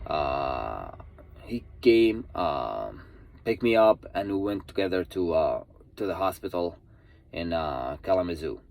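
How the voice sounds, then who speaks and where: A truck driver vlogger tells a story in a low-pitched, slightly mellow male voice with vocal fry, animated yet unhurried. He's casual and earnest, repeats himself, and pleads with other drivers to stay safe.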